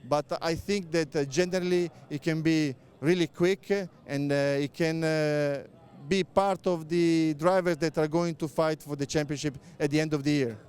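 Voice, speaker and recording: A middle-aged man with an Italian accent gives interview answers as a racing pundit, his voice smooth and resonant and sitting a little high. He halts often on filler sounds and circles back to restart his phrases. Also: fairly even intonation, normal speed, darkish tone. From Italy. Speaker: motorsport pundit, former racing driver.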